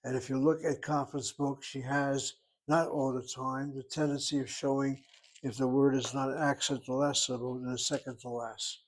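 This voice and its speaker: A man teaching an informal class, talking through grammar step by step. His voice sits at an ordinary middle pitch, and he thinks aloud as he explains. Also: level tone, normal speed, rough recording. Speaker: Hebrew teacher. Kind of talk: informal recorded class lesson.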